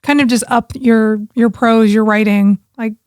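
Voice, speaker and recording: A woman's voice: fairly high pitch, steady tone, measured pace, darkish tone, smooth, no echo, clean studio sound. A woman author co-hosting a podcast in casual, supportive chat. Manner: supportive, frequent backchannel. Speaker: author, co-host.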